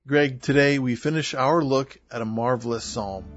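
A male radio announcer reading scripted introductions in a smooth, even delivery, on a dull lo-fi recording. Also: medium pitch, moderate pace. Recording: dull lo-fi radio with music bed. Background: music.

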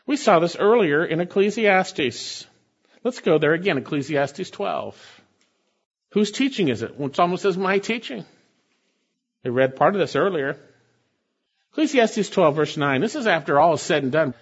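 A man's voice: fairly high pitch, expressive, normal speed, long pauses, breathy edge. A man preaching a sermon, reading scripture aloud and explaining it with emphatic, rhetorical questions to his congregation. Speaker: pastor. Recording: dull lo-fi recording.

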